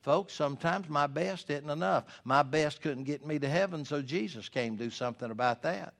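A man preaching, his voice sitting a touch higher than most men's. He speaks earnestly and builds to fervent, pleading prayer. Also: normal speed, creaky, fairly bright tone. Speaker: pastor. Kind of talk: sermon.

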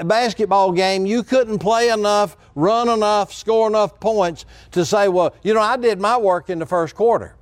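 A high-pitched man preaches from the pulpit, speeding up and slowing down and acting out the voices he quotes. The sound is close and dry, with no room echo. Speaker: pastor. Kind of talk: sermon.

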